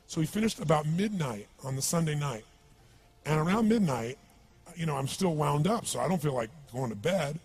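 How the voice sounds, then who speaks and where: A man's voice: fairly high pitch, lively intonation, normal speed, darkish tone, faint music behind. A man giving a motivational seminar talk, telling a story with energy and asking the crowd questions. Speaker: motivational speaker.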